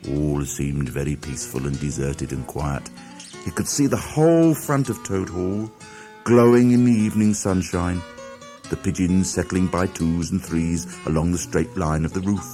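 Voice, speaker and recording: Lively, low-voiced male storyteller. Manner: animated, dramatic storyteller. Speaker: audiobook narrator. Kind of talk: storybook narration.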